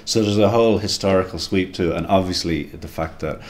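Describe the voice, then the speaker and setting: An Irish man with a low voice, talking films in a loose, rambling way. He often trips over his words and restarts his sentences. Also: fairly quick, a little mellow, slight background noise. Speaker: guest. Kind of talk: casual film discussion.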